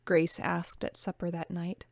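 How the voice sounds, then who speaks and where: Woman calmly narrating a novel. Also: on the low side, measured pace, gravelly, no room sound, studio quality. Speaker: amateur audiobook reader.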